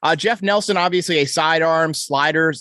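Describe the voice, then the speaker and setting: Stat-quoting New man, fairly high. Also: moderate pace, pushed and bright, dry recording, clean studio sound. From New York. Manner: stat-heavy, enthusiastic, self-correcting. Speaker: podcast host. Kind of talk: casual sports podcast chat.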